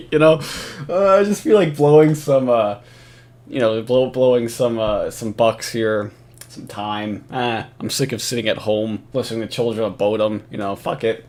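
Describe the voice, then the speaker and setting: A man's voice: mid-range voice, a little slow, darkish tone. Profane, mocking male commentator. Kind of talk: reaction commentary over footage.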